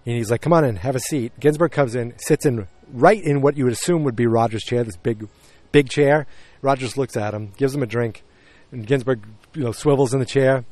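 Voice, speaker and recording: On a podcast, a man casually recaps a TV episode, rambling with plenty of fillers and quoted lines. His mid-range voice is brisk and somewhat dark in tone.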